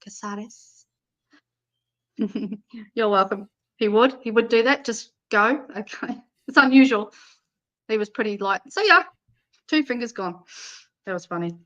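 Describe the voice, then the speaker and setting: A woman's voice: medium pitch, a little slow, long pauses, fairly bright tone, muffled recording. Woman, psychic reader, live stream, blunt, casual, swears freely.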